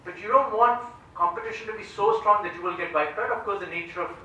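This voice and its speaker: A man's voice: high voice, lively intonation, quick pace, pushed and bright, lo-fi sound, a little hiss or hum. A man giving a public lecture on economics, explaining step by step and often asking "right?". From India. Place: large lecture hall, standing before an audience. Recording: very echoey hall from far off.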